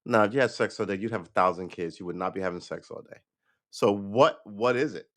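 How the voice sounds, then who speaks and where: A man's voice: fairly low pitch, fairly quick. Rambling man chatting on a livestream. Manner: loose, rambling, swears, laughs often. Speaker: livestream host. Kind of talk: casual rambling chat to viewers.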